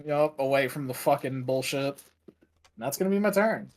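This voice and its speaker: A man's voice: medium pitch, normal speed. A man playing a tabletop game, talking casually and a little hesitantly. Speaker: player.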